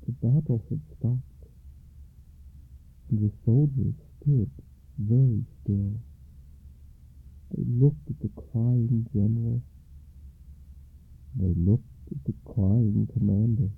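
A storyteller reading a children's storybook aloud slowly and expressively, in a tinny phone-like recording. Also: mid-range voice, creaky, breathy edge. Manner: slow and expressive.

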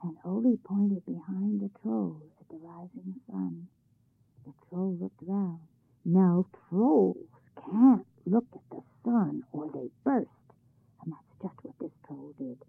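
Husky woman reading a folk tale. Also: on the low side, slow, no room sound. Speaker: narrator. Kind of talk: storybook narration. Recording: tinny phone-like sound.

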